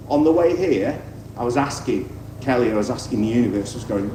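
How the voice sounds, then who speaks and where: A man's voice: mid-range voice, lively intonation, brisk, warm tone. A man, a former footballer, giving a heartfelt, repetitive speech on an outdoor festival stage. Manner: heartfelt, repetitive, rising to impassioned. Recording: echoey outdoor PA, distant, noisy crowd.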